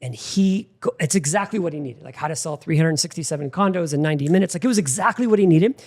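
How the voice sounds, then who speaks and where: Middle-aged male talk host, chatty storyteller, voice sits a touch high. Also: fast. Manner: animated anecdotal storyteller with frequent "like". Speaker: podcast host. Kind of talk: casual interview storytelling.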